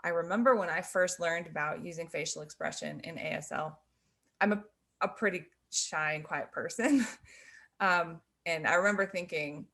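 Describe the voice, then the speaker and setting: A middle-aged woman teaching sign language, explaining gently and laughing softly between points. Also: fairly low pitch, normal speed. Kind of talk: explaining to learners on camera.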